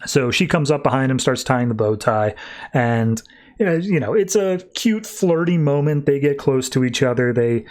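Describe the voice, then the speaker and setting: Chatty male podcast host, loose comic recap, medium pitch. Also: animated, moderate pace, a little mellow. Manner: chatty, loose, with fillers and asides. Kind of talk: casual comic book recap.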